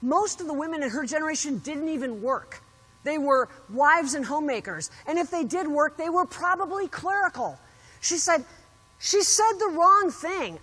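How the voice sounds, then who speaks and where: A woman keynote speaker with a high voice tells stories to a conference audience and acts out the quotes with plenty of animation. Her voice carries through a large hall with a long reverb tail. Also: moderate pace. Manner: animated storyteller acting out quotes. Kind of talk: motivational keynote speech.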